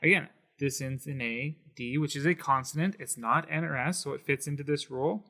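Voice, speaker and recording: Man, video lesson teacher, bright forceful tone, emphatic, sounds out syllables. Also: a little high, brisk. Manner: demonstrates words syllable by syllable; lively, emphatic explaining. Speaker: Spanish teacher.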